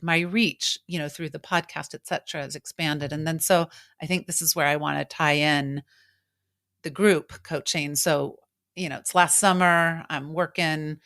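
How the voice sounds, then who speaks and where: A middle-aged woman with a notably low voice speaks candidly and reflectively, like a coach opening up in conversation. She slips into animated quoted voices now and then. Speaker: coach and podcast host.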